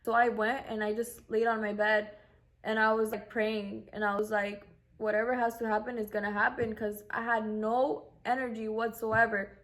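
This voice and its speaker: Young woman rambling through a story, kinda high voice, says like a lot. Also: flat delivery, normal speed, a bit bright. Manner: chatty, acts out quoted voices, lots of "like". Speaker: vlogger. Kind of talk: casual storytelling.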